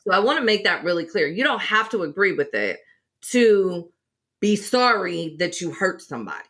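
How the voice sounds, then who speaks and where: Her voice sits on the low side and is a bit bright, very animated at a moderate pace. As a podcast co-host in casual conversation, she speaks emphatically and tells lively stories.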